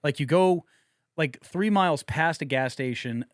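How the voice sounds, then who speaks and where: A man co-hosting a podcast, telling stories in a loud, animated, profane way and shouting the lines he quotes. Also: fairly high pitch, a little slow, no echo, studio quality. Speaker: podcast co-host. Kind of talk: casual podcast banter. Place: podcast studio.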